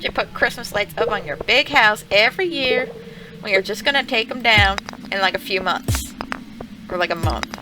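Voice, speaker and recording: A woman's voice: a little high, big pitch swings, unhurried, background noise. A woman streamer telling rambling stories while playing a game, swearing freely and laughing often. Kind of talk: casual storytelling while playing a farming game. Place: home streaming setup. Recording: game music playing underneath. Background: game music.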